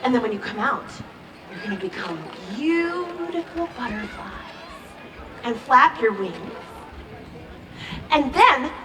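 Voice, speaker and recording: A woman leading a children's sing-along storytime, in an animated, sing-song, coaxing way, recorded from a distance with a ukulele playing. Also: high-pitched, takes it slowly, pauses often, crowd noise, noisy background. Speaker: children's entertainer. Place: playground ceremony, outdoors. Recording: roomy, distant, loud ukulele music.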